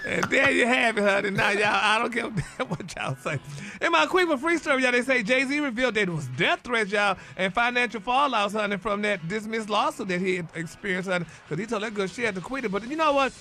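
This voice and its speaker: Flamboyant man, high bright voice, calls everyone honey, radio gossip host. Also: lively intonation, fairly quick, soft background music. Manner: flamboyant, says "honey" and "y'all" constantly. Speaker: celebrity gossip segment host. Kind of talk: radio morning show gossip chat.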